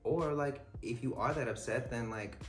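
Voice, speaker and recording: A young man, a guest, telling a story in casual chat, animated and expressive with lots of fillers. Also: mid-range voice, moderate pace, faint music behind. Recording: echoey room.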